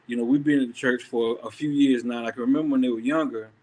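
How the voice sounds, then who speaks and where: A man, a church member and father, sharing an earnest faith testimony in a conversation, often pausing and restarting. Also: medium pitch, steady tone, a little mellow.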